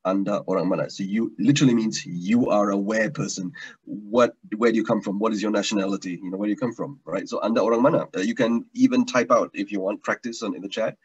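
A man's voice: fairly low pitch, slightly rough. A man teaching an online language taster class, chatty, repeating words and restarting often, over a video call. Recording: dull lo-fi online stream audio.

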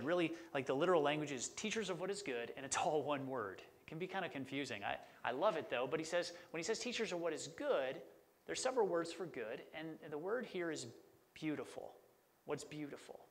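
A man's voice: fairly high pitch, expressive, fairly quick. A middle-aged man preaching a sermon as a pastor, conversational and enthusiastic about word meanings.

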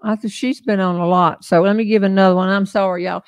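A woman's voice: mid-range voice, steady tone, fast, clean tone. An older woman with a Southern US accent hosting a casual live-stream chat, folksy and chatty, laughing often. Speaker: host.

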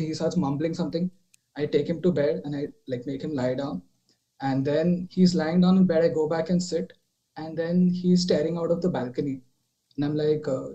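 The audio is low quality as a young man with a higher voice recounts a ghost story on a video call at normal speed and a steady tone. His telling wanders, packed with fillers and false starts, and gets softer during the retelling.

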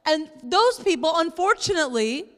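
A woman pastor preaching a sermon in church, lively and playful, sometimes acting out exasperated voices. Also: extremely high pitch, moderate pace, long reverb tail. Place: church sanctuary.

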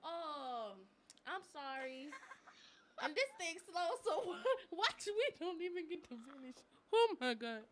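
A woman's voice: very high voice, expressive, takes it slowly, noisy background. A young woman co-hosting a live chat stream, telling stories in a chatty way with slang and frequent laughter. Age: young adult. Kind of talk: casual chat.

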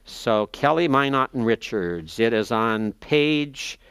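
A man in a seminary lecture, explaining texts step by step, slowing down to spell out terms and page numbers, thinking aloud as he checks his notes. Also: mid-range voice, lively intonation, a bit bright, clean tone, no room sound. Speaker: seminary professor. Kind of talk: classroom lecture.

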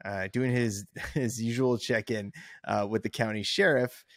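A man's voice: lowish voice, fairly even intonation, measured pace, a bit bright, dry recording. A young man from Northern Virginia co-hosting a podcast in a casual, rambling way, laughing often, with no accent. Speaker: podcast co-host.

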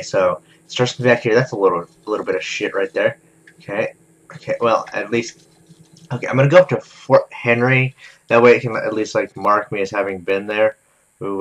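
A young man calmly commenting on his own gameplay, talking to himself with many "okay"s. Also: on the low side, dull audio. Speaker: gaming video host. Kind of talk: let's play commentary.

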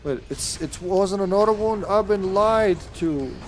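A man commenting on his own online game as he plays, swearing often and sometimes shouting at the screen. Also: sits high, a little slow, a little hiss or hum. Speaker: streamer. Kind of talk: live gameplay commentary.

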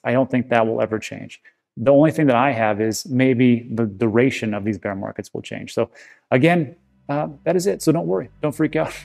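Male crypto host, casual to-camera commentary, gravelly low-key voice, reassuring and chatty, lots of fillers. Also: dark tone. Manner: conversational and reassuring, with frequent filler words.

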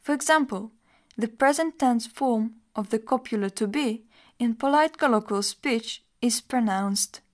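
Reading from a scripted lesson, a language teacher speaks in a steady, measured way that suits explanation. Her voice is fairly high in pitch.

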